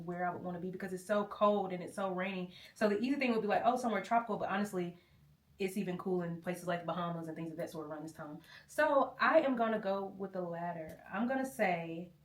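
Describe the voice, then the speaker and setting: A woman's voice: mid-range voice, far from the mic. A woman, hosting a vlog in a chatty, playful way and laughing often. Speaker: vlog host. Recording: roomy, from off the mic.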